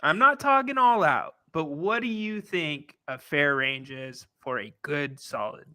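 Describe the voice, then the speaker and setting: A young man co-hosting a talk stream, chatting in an upbeat way with quick questions. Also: fairly high pitch, animated, pushed and bright, clear, resonant tone. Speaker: co-host. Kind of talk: casual live-stream chat.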